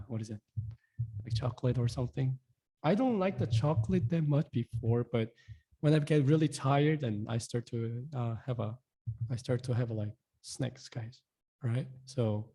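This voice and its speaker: A young man teaching a casual online language lesson, repeating words slowly and often asking his viewers "guys". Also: mid-range voice, mellow, slightly rough.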